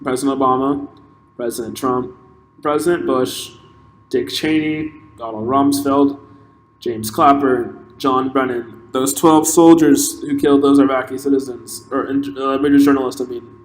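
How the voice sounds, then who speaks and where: A man's voice: mid-range voice, steady tone, a little slow. A man hosting a podcast, giving an impassioned solo opinion monologue that halts and restarts as he thinks aloud. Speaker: podcast host. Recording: echoey room with long reverb and faint noise.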